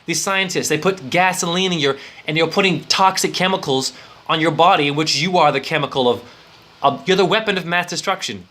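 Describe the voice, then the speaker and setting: A man giving an improvised esoteric lecture as a spiritual teacher, rambling, excitable and profane. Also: a little high, a little fast.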